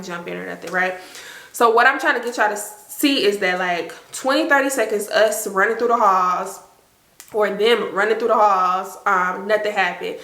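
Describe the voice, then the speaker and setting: A young woman vlogger telling a storytime to her viewers in a casual, animated way, full of "like" and acted-out quotes. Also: mid-range voice, reverberant. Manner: animated, heavy use of "like", acts out quotes.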